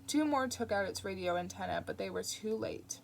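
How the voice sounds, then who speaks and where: A woman narrating an audiobook in a steady, plain reading voice. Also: mid-range voice, a little fast, gravelly, slight background noise. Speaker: audiobook reader.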